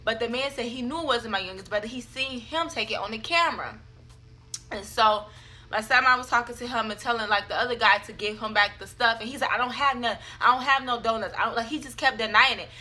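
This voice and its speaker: A young woman tells a story to her camera, chatty and dramatic, with plenty of fillers along the way. Her voice sits a little high and sounds bright and forceful. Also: quick pace. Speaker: vlogger. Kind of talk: storytime vlog.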